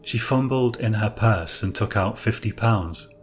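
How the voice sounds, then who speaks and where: A man narrating a dark thriller story in a measured, even reading voice. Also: on the low side, faint music behind.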